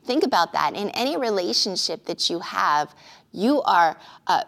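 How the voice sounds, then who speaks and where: A woman's voice: fairly low pitch, a bit bright. Earnest woman pastor teaching. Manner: earnest, conversational, with filler "uh"s. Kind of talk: sermon-style teaching.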